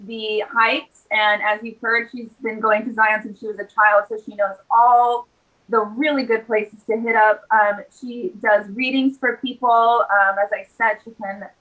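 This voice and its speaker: A woman's voice: on the high side, a bit bright, poor audio. A woman in her thirties hosting a casual chat, talking with emotional enthusiasm. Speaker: host.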